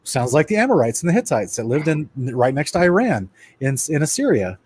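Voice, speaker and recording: A man's voice: on the high side, sing-song, a little fast, a little mellow, breathy edge, dry recording. A man giving a casual lecture-style Bible study presentation. He talks to his listeners as guys and stumbles and restarts now and then while reading passages aloud.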